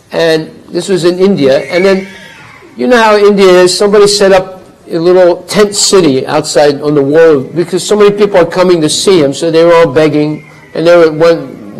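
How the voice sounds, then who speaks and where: A man teaching a spiritual class, telling stories in an animated way and acting out the voices. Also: fairly high pitch, poor audio. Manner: animated, acts out voices, chuckles. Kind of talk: storytelling class talk.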